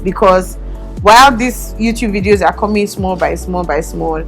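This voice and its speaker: A young woman vlogging, telling her story in an animated, expressive way. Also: lowish voice, a little slow. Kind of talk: casual chat. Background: faint background music.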